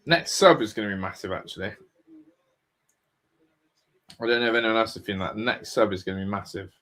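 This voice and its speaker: A man hosting a live football watch-along, reacting loudly, swearing and shouting advice at the players. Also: lowish voice, brisk. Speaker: fan watch-along host.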